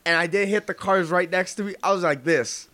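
A man in his twenties, a guest on a casual podcast, telling stories in an animated, heavily profane way. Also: sits high, a little fast, dry recording.

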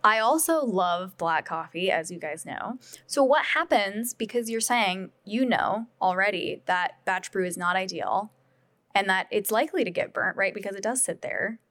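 A woman's voice: medium pitch, normal speed, fairly bright tone. A woman co-hosting a podcast, asking frank, probing questions in a casual way and cursing freely. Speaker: podcast co-host.

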